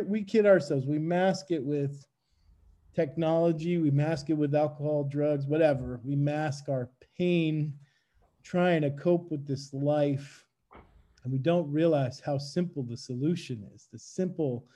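A man's voice: on the high side, unhurried. A middle-aged male evangelist guest, telling stories emphatically and casually, calling people "bro". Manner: energetic, emphatic storyteller with slang like "bro". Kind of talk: casual faith conversation.

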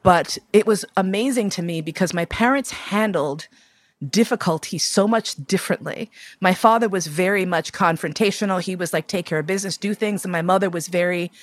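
A woman's voice: fairly low pitch, normal speed, no echo. A woman in her fifties from New York City, telling personal stories candidly and expressively, swearing casually. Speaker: guest.

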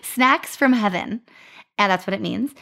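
A young woman co-hosts a podcast in a casual, upbeat voice. Her pitch sits mid-range, and she runs through marketing facts like a story she enjoys telling. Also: measured pace, gravelly, fairly bright tone. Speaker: podcast co-host. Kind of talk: casual chat.

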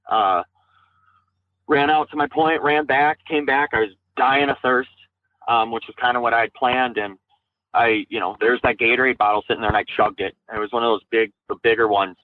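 A young man from Minnesota, an Army veteran, telling his own story candidly in an interview, with many halting fillers and restarts. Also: medium pitch, fairly even intonation, bright, forceful tone, no room sound, low-quality recording. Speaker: guest, Army National Guard veteran.

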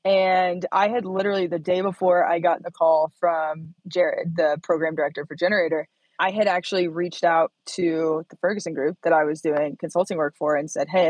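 A woman in her thirties from Indiana, a startup founder telling her story as an interview guest, animated and laughing often as she acts out quotes. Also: sits low, no echo, poor audio.

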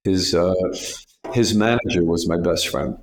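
A man's voice: low-pitched, unhurried. An older man, a retired casting director, tells anecdotes in an interview and acts out the voices of people he quotes. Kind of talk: storytelling interview.

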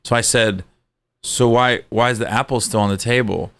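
A middle-aged man telling lively, profane stories in a casual podcast chat, jumping his pitch up for quoted voices. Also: moderate pace, smooth. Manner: animated storyteller, swearing, jumps high for quoted voices. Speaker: podcast co-host.

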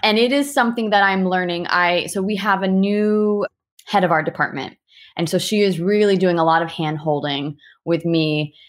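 A woman answering interview questions, telling animated stories with quick asides and restarts. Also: on the low side. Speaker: guest who handles reviews for partner animal hospitals.

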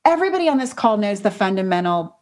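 Animated woman podcast host. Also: fast talker. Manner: animated, emphatic, pitch jumps up for emphasis. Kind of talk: casual podcast conversation.

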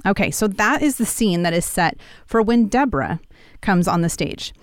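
Lady walking thru a bible story, chatty and animated, smooth voice, dry mic. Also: medium pitch, normal speed, no echo. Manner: animated storytelling, acts out quotes with a lifted voice. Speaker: Bible teacher. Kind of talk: conversational Bible teaching.

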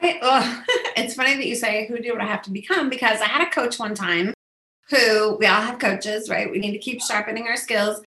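A woman talks through her story in a relaxed interview, with a bright, slightly raised voice. She acts out what others said in sudden high tones. The room around her rings with echo. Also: moderate pace. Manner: animated, acts out quotes in a high voice. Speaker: guest, business coach. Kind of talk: casual interview conversation.

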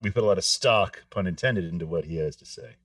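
Low voiced guy explaining stuff on a podcast, bit far from the mic, dry sound. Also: fast talker, a bit bright, no echo. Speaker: podcast co-host. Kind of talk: casual podcast discussion.

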